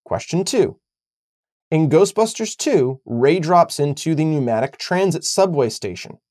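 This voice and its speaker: A playful podcast co-host chats casually and reads out quiz questions for a giveaway. The voice sits mid-range but moves around a lot in pitch. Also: lively intonation, measured pace, dark tone. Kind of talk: casual chat.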